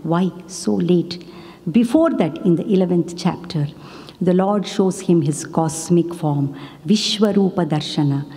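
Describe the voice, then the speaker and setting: A woman gives a devotional talk in a mellow, slightly low voice, speaking earnestly. She often adds "you know" and "isn't it" to her sentences. Her voice carries a long reverb, as if she is in a hall. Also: unhurried.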